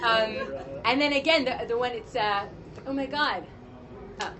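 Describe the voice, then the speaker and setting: A voice actress telling stories in an animated, laughing way during a casual convention interview. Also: female voice, a little high, measured pace, long pauses. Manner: animated, laughing often, acts out quotes. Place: convention media panel. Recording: noisy convention floor.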